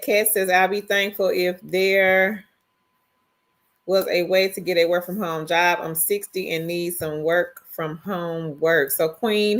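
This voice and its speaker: A woman's voice: medium pitch, a bit bright. A middle-aged woman, hosting a casual livestream and greeting viewers one by one as she reads their comments aloud. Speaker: livestream host.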